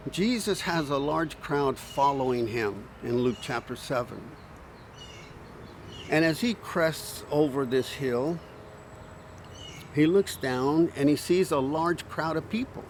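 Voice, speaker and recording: A male pastor giving a short sermon in slow, earnest, pausing phrases, easing into a gentle hush at times. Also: on the high side, slight background noise.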